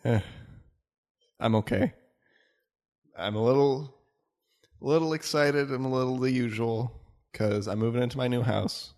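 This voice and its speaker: A man's voice: medium pitch, fairly even intonation, a little slow, pauses often, darkish tone. A man co-hosting a podcast, chatting in an easygoing, rambling way from an echoey room at home. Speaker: podcast co-host. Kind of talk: casual podcast chat.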